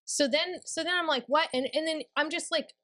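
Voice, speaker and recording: Animated higher-voiced woman telling a story. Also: fairly quick. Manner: animated storyteller, quotes others in lowered voice. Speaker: podcast co-host. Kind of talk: casual chat, storytelling.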